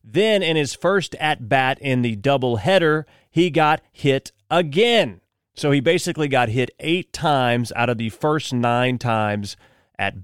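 A man's voice: mid-range voice, a bit bright, clean tone, no echo, clean studio sound. Chatty man hosting a morning podcast. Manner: chatty, joking, loose asides. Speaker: morning show host. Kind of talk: casual solo podcast talk.

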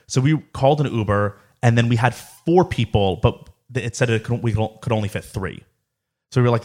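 A man's voice: medium pitch, brisk. Young man, South Florida, casual profane storyteller. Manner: profane, animated anecdote telling with acted quotes.

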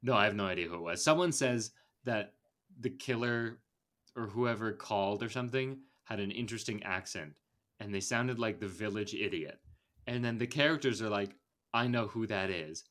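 A man's voice: on the low side, moderate pace, a bit bright. Meandering man chatting about a film. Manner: meandering, lots of fillers and restarts. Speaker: podcast co-host. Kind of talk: casual film discussion.

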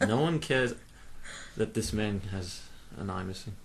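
A man's voice: fairly low pitch, animated, a little slow, vocal fry, slight background noise. A man giving casual movie commentary with friends, joking, swearing and slipping into mock voices.

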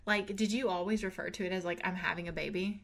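Animated young woman telling a story. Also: lowish voice, quick pace. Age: 20s. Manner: animated storyteller, laughs often, acts out quotes. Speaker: podcast host. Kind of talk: casual chat.

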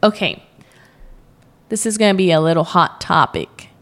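A young woman talks casually as a podcast guest, telling her story with plenty of quoted asides and easy laughter. Her voice sits a little low for a woman. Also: lively intonation, normal speed, a bit bright. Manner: chatty storytelling, quotes herself, laughs often. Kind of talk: casual interview chat.

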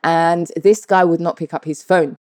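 Woman, 30s, vlogger: low-pitched, dry close sound, profane and animated telling a story to her viewers. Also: moderate pace, no room sound. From United Kingdom. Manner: animated, blunt and profane, addresses viewers directly. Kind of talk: candid personal storytelling.

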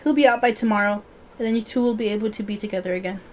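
A woman's voice: medium pitch, very fast, a little mellow, a little hiss or hum, close to an everyday voice. A woman reading aloud the lines of a worried mother speaking to her hospitalized son. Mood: soothing. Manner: read aloud plainly from a story.

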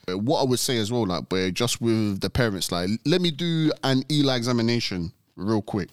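A man's voice: mid-range voice, lively intonation, moderate pace, few pauses, no room sound. Young guy, dry sarcastic humor, medium voice, dry recording. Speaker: podcast co-host. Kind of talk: casual chat.

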